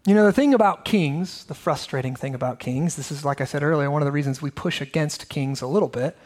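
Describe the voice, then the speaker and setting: A man's voice: a little high, fast talker, darkish tone. A pastor preaching a sermon in a conversational way, asking his listeners many rhetorical questions.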